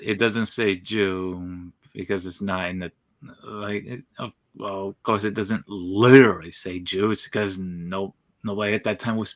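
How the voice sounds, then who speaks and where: Low-voiced man hesitantly explaining. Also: a bit bright, no room sound. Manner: hesitant, many fillers, explains grammar. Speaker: co-host. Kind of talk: casual podcast commentary.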